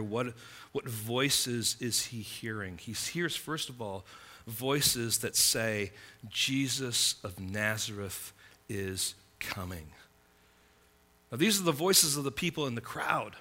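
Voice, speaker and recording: A man preaching a sermon in a dramatic way, asking the listeners questions and swinging from loud cries to hushed, low passages.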